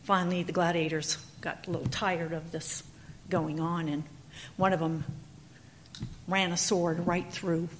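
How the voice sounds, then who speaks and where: A woman preacher telling a story in her sermon, in an animated, dramatic manner. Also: on the low side, a little slow, long pauses, slight background noise. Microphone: handheld or clip mic.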